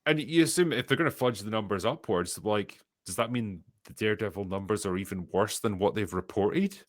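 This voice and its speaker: A man's voice: on the low side, brisk, no echo. Sardonic Scottish man reading viewer messages. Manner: dry, profane, sardonic. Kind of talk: casual chat.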